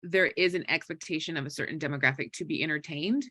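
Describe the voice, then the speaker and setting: A panelist speaking in a quick, animated, casual way during a conversational discussion. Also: medium pitch, slightly rough, dry recording.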